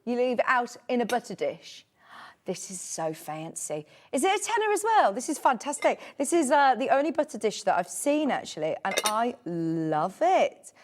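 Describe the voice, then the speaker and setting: A woman's voice: fairly high pitch, very animated, moderate pace. A British woman in her thirties presenting a live home shopping show, keeping up a bubbly, chatty sales patter. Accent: British English.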